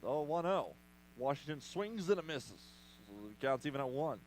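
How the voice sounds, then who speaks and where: A man doing play-by-play commentary for a baseball radio broadcast, brisk with playful asides. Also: fairly high pitch, big pitch swings, slight background noise, poor audio. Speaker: play-by-play announcer.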